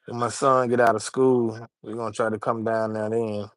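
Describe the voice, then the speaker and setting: A man's voice: on the low side, level tone, normal speed, dry recording. A man hosts a casual livestream and drifts from topic to topic. He stumbles over repeated words and keeps talking to his viewers. The room sounds dry and close. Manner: loose, rambling, talks to his chat, repeats words. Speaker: livestream host.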